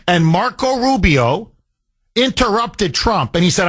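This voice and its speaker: Indignant talk radio host, lively and high. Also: male voice, moderate pace. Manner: indignant, rhetorical, emphatic.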